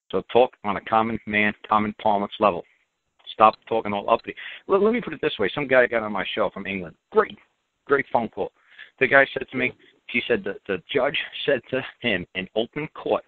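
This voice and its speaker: A man's voice: fairly low pitch, expressive, brisk, no echo. A man hosting a call-in radio show, talking bluntly and emphatically and repeating his points. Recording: dry, tinny phone-like audio.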